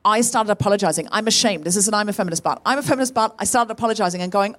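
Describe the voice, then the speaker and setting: Woman co-host, live comedy podcast storyteller, animated, does the voices in her anecdotes. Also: medium pitch, rapid-fire, few pauses. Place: live venue stage.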